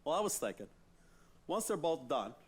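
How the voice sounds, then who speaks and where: An actor playing a goofy, immature Darth Vader who is an over-eager joker, in a comic stage musical. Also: male voice, a little high, very animated, normal speed, noisy background. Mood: eager pitching. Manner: jokey, over-eager, chummy.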